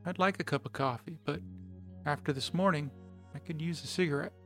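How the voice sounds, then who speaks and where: A man's voice: a little high, brisk, fairly bright tone, soft background music. Blunt fiery woman, read by a man.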